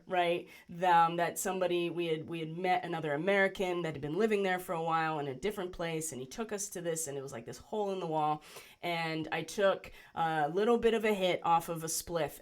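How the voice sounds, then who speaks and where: A woman telling a personal story in a conversational way, often checking in with "right?" and pausing with fillers. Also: fairly low pitch. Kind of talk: personal story told to camera.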